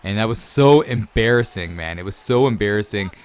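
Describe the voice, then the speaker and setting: A low-voiced man in his thirties talks loosely and rambles as he answers viewer questions between game moments. His delivery is casual and easygoing, with plenty of fillers, like a YouTuber talking to his regular audience. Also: expressive, brisk. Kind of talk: casual Q&A over gameplay.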